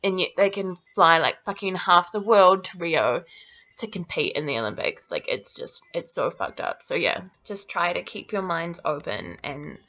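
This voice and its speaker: A woman's voice: sits low, sharp tone. A woman ranting indignantly to camera in a vlog, swearing often and filling her talk with "like". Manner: indignant, swearing, constant "like" fillers. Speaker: vlogger. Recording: dull lo-fi recording.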